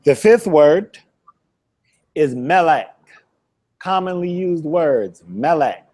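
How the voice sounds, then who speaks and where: A man's voice: on the high side, animated, darkish tone. A man teaching a Hebrew vocabulary lesson, quizzing a student, repeating each word and laughing often. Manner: repeats words slowly for drilling. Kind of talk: classroom lesson.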